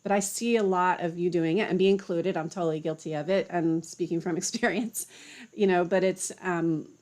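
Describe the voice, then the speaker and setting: A woman's voice: lowish voice, normal speed. A young woman giving a casual, chatty spiritual talk to camera, full of fillers like "you know" and "like". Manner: relaxed and chatty, many fillers. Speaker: spiritual teacher.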